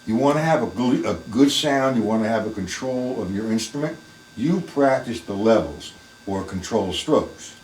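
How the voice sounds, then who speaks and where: A man's voice: mid-range voice, expressive, normal speed, darkish tone, roomy sound, distant mic, slight background noise, rough recording. A man teaching a live online drum lesson, plain-spoken and emphatic, talking through the strokes as he plays them in his practice room.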